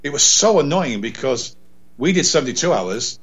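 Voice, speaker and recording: A man's voice: mid-range voice, sing-song, moderate pace, husky, faint music behind. Rambling English man telling a story. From England. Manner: rambling, repeats words, acts out quoted dialogue. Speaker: radio presenter, podcast guest. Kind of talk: animated storytelling in casual chat.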